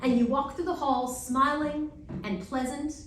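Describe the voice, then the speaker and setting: Distant animated woman in an echoey hall. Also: sits high. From Long Island, New York. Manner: animated, acts out voices in quick asides. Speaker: guest speaker answering student questions. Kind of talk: lively advice talk at a Q&A. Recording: echoey room, heard from far off, faint noise.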